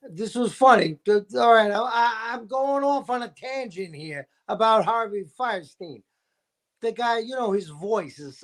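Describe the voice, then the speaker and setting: Brief: high-pitched man, enthusiastic storyteller, casual guest chat. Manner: enthusiastic storyteller with gravelly impressions.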